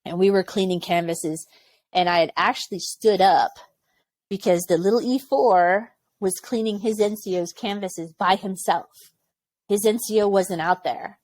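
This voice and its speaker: Woman in her forties, army veteran guest, blunt and salty, mid-pitched voice, dry close sound. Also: fairly even intonation, a little slow, darkish tone, dry recording. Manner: frank and profane, acts out quoted people. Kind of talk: candid interview storytelling.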